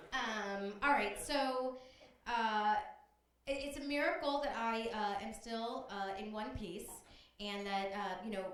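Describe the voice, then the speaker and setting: A woman's voice: mid-range voice, fairly bright tone, heavy reverb, slight background noise. A woman comedian doing a brash, profane stand-up set on a comedy club stage.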